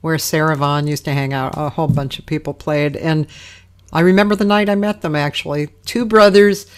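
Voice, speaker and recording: A woman hosting a casual livestream chat over a video call, relaxed and rambling, with many fillers. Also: sits low, a little fast. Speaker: host.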